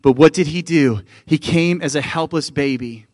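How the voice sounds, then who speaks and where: A Canadian man preaching a sermon as lead pastor. He is emphatic and keeps calling out to the church. His voice sits a little high and sounds close and dry, with no room echo. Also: moderate pace, a little mellow.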